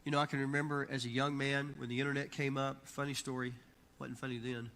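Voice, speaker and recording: A middle-aged man preaching a sermon, emphatic and telling stories, building to loud peaks. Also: medium pitch, level tone, quick pace. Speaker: pastor. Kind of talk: sermon with storytelling. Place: church sanctuary. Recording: long church hall reverb.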